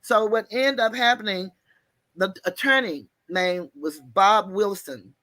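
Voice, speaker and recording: A woman telling a story in an animated, folksy way, mixing slang and cussing. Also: medium pitch, unhurried, no room sound. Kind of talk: casual storytelling.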